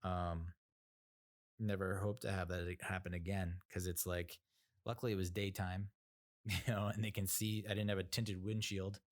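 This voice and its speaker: A man's voice: low-pitched, little pitch movement, normal speed. A man hosting a podcast, telling a story in a rambling, sarcastic way with lots of fillers. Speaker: podcast host. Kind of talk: casual storytelling monologue.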